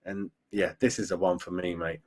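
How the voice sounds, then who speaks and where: A middle-aged man with a deep, fairly flat voice talks at a normal speed while hosting a fan live stream. He reads viewer comments and chats casually, airing strong opinions and tacking "mate" and "right?" onto his lines.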